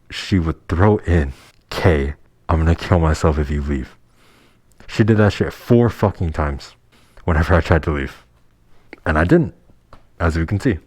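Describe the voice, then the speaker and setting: Heated, deep-voiced young man, swearing. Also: darkish tone, no room sound. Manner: heated, profane and blunt. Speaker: vlogger. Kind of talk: casual storytelling.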